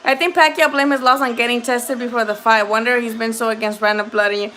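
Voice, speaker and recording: Woman, high voice, bright tone, profane casual livestream chat, laughs a lot. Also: steady tone, fast. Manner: profane, chatty, often laughing. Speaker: host of a boxing livestream. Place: at home.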